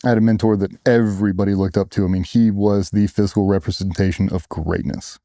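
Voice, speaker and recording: A man's voice: fairly low pitch, steady tone, quick pace, dark tone, no room sound, studio quality. A middle-aged man, a former special operations sailor, telling blunt and profane stories in a casual interview. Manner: blunt, profane storytelling with acted-out quotes.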